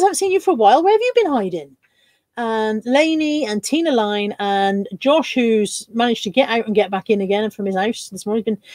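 A woman's voice: on the high side, a little mellow, no room sound. A woman hosting a casual live stream from home, chatting and reading out viewer comments. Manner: chatty, reads out viewer comments with bursts of laughter.

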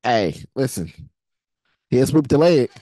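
A man's voice: medium pitch, sing-song, takes it slowly, noisy background. A man giving casual, slangy commentary while reacting to a movie, laughing often.

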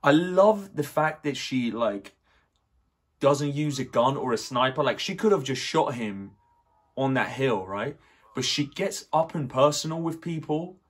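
A young man hosting a casual movie reaction, excitable and swearing, with lots of "like" fillers. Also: medium pitch, measured pace, husky.

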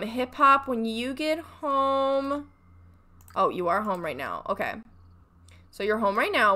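A young woman narrates her game session in a loose, chatty way, talking straight to her characters. Her voice sits a little high and bright, with a very lively, swooping pitch. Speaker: let's play gamer. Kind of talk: casual gameplay commentary.

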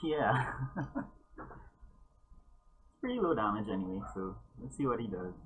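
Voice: mid-range voice, sing-song, measured pace, slight background noise. A player in a casual online tabletop game, hesitant and laughing often.

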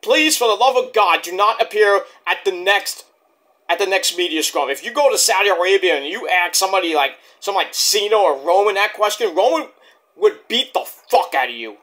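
A man's voice: high voice, expressive, normal speed, fairly bright tone. A man reviewing a wrestling show in a heated, profane, rambling rant.

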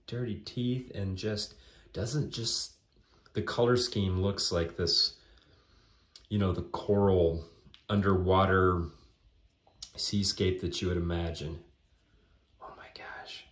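A man's voice: lowish voice, roomy sound. A man chatting through an unboxing, often dropping into awed whispers. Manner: slips into hushed whispers of awe. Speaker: vlogger unboxing a gift. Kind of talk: excited unboxing chat.

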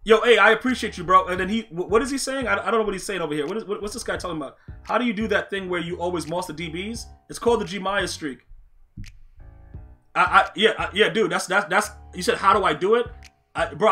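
Playing football games on stream, this man chats with his audience throughout, replying to viewers and trash-talking in a high, piercingly bright voice. When a play falls apart he breaks into shouting, while quiet music runs in the background.

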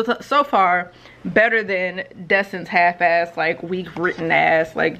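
A woman's voice: lowish voice, a bit bright. A woman vlogging about books, ranting bluntly and profanely to her camera at home. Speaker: book vlogger. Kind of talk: ranting commentary vlog. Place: home recording.

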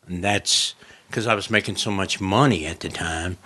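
A man's voice: normal speed, husky. A male comedian telling stories in a casual podcast chat. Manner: loud laughing, does high mocking voices in quotes. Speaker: comedian guest.

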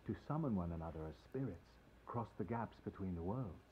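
A deep, cheerful video game knight who speaks in a formal, grand and friendly way. The game audio sounds slightly dull, with a faint hiss underneath. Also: male voice, lively intonation, a little fast. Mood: earnest. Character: cheerful earnest male knight, sun-worshipping warrior.

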